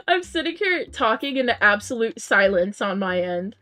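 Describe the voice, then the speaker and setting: Her voice is on the high side, sharp and very animated, yet slow-paced as this streamer reads out chat and talks with viewers. Frequent giggles and um-laden restarts come through her headset mic, with faint game music behind.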